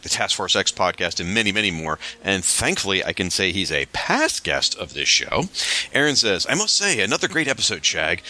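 A man's voice: on the low side, sharp tone. A man hosting a podcast, reading listener mail aloud in a chatty way, with asides and laughs between letters.

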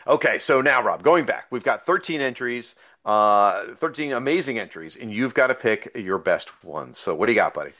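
A man's voice: mid-range voice, animated, normal speed, few pauses, pushed and bright. A man hosts a casual podcast in an easygoing, rambling way. His sentences stop and restart, with plenty of fillers along the way. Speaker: podcast host.

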